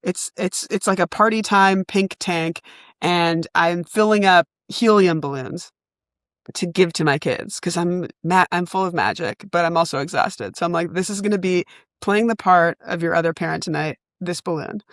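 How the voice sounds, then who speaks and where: A woman co-hosting a comedy podcast, telling a story in animated, casual chat and laughing often. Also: fairly low pitch, moderate pace, dry recording, clean studio sound. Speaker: podcast co-host.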